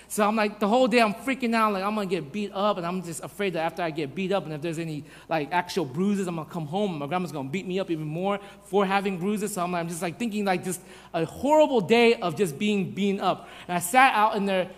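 A man preaching a sermon, telling a childhood story with lively, acted-out voices. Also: sits high, fast, big-room sound. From Vietnamese family. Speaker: pastor.

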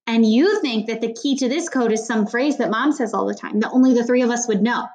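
A clever girl in a read-aloud story, voiced by a woman. She speaks quickly and eagerly, a little higher than the narration, always explaining. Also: a little mellow, natural voice.

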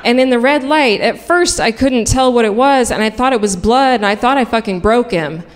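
A woman's voice: fairly high pitch, normal speed. A woman telling a frank, comic personal story live on stage, swearing freely and narrating with dry humor. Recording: reverberant hall.

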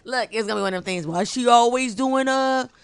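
A woman's voice: a little high, brisk, smooth, no echo. A woman from Detroit co-hosting a podcast in laid-back, chatty talk that trails off mid-sentence. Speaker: podcast co-host. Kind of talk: casual chat. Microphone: podcast headset.

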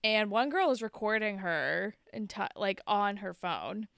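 A woman's voice: mid-range voice, measured pace, gravelly, smooth, no room sound, clean studio sound. A woman co-hosting a podcast, chatting casually as she recaps an episode and acts out the characters' lines. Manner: animated, acts out quotes from the episode. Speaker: podcast co-host.

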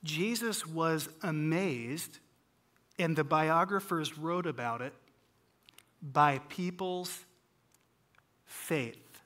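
Slow, bright-voiced preacher. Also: mid-range voice. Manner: dramatic, acts out scripture scenes, swings loud and soft; humorous asides. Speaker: pastor. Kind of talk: sermon.

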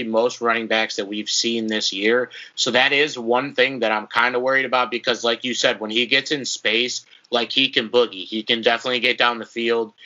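Bright-voiced man, lo-fi sound. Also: mid-range voice. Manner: energetic, uses "dude" and "like". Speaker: sports podcast co-host. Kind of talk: casual sports chat. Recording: dull lo-fi audio.

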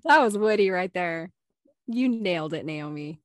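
A young woman co-hosting a chatty podcast, telling funny stories in a giggly, animated way. Her voice sits in a middling register and sounds close and dry, with almost no room around it. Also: on the low side, normal speed, dry recording. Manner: giggly, animated storyteller acting out quotes. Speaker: podcast co-host. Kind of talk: casual chat, reading listener stories.

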